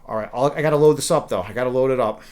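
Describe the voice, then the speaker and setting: A man's voice: medium pitch, rapid-fire, a little mellow. A man chatting casually on a live stream, rambling with many restarts and fillers and greeting viewers by name. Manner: friendly, talks to chat by name.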